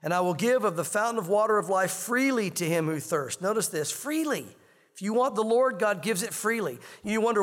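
A man preaching with a high voice that rings out with a long hall reverb behind it. He talks earnestly and plainly, restarting phrases as he reads and explains scripture. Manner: earnest, conversational preaching with repetitions. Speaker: pastor. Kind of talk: sermon.

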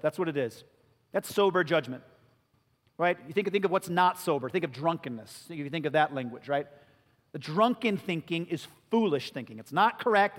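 A male pastor preaching a sermon, earnest and rising to emphatic peaks, in a church. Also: on the high side. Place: church sanctuary. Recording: long reverb of a large hall.

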